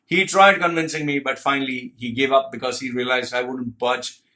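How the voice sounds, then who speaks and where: Blunt, cursing man with a bright voice. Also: medium pitch, fairly even intonation, normal speed. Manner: forceful, profane, emphatic. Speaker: career coach. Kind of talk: blunt advice monologue.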